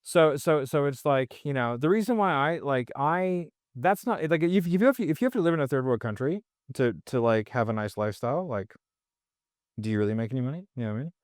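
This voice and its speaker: Speaking a little fast with lively intonation, a man with a mid-range voice guests on a casual podcast as a sales trainer. He's rambling and blunt, swears freely, and uses "like" heavily; the studio-quality audio has no room sound.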